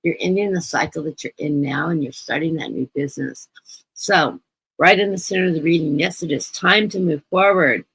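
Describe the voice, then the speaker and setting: A woman's voice: deep voice, normal speed, creaky, fairly bright tone, slightly rough, dry recording, low-quality recording. A woman giving a chatty live-stream tarot reading, often repeating words for emphasis. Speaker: guest tarot reader. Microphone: computer mic on a live stream.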